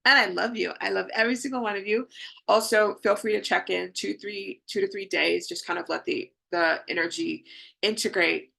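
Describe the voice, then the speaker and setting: Gravelly-voiced woman coaching warmly. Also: medium pitch, steady tone, moderate pace. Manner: effusive, affirming, speaks to viewers in the chat. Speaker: spiritual healing coach. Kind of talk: live-streamed healing session talk.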